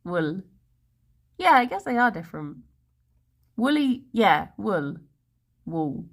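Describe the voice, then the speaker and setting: A woman's voice: medium pitch, very animated, slow. A woman in her thirties with an English accent, chatting casually and playfully with stream viewers, giggling often. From England. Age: 30s. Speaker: livestreamer.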